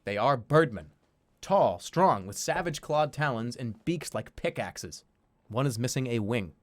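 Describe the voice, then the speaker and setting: A man's voice: medium pitch, measured pace. A male streamer reading a fantasy game's text aloud and throwing in jokey asides. His voice swings widely up and down as he reads. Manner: animated, jokey and swearing. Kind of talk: casual gaming commentary reading game text aloud.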